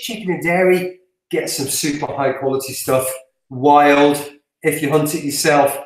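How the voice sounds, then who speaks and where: A man's voice: fairly high pitch, measured pace. British guy cracking dry jokes on a podcast, real roomy echo on him. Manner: wry, sarcastic, joking. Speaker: podcast co-host. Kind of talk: casual podcast chat.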